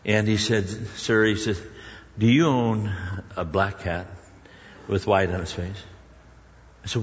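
A man preaching a sermon, telling a personal story with lively shifts between loud exclamations and hushed, prayerful tones. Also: fairly low pitch, unhurried, long pauses. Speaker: pastor. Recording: muffled sound with long hall reverb.

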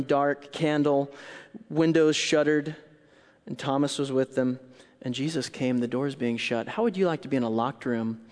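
A male pastor preaching a sermon, telling a story with dramatic shifts between loud outbursts and hushed, quiet lines. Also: medium pitch. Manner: animated storytelling, acts out scenes with loud outbursts and hushed quotes. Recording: long hall reverb.

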